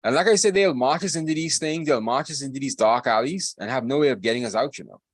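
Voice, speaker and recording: A man's voice: mid-range voice, fast talker, no room sound. A man co-hosting a podcast, ranting emphatically and repeating himself in casual political talk. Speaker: podcast co-host.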